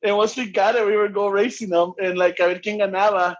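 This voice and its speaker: A man's voice: high-pitched, steady tone, fast, muffled recording, slight background noise. A man co-hosting a podcast, joking in casual chat and mixing Spanish into his English. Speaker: podcast co-host.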